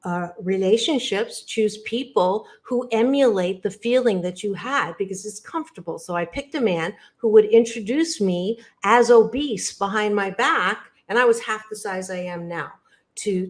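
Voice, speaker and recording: A woman guest on an interview podcast, talking as a psychologist in an emphatic, motivational way, often repeating phrases and speaking straight to the listener. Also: mid-range voice.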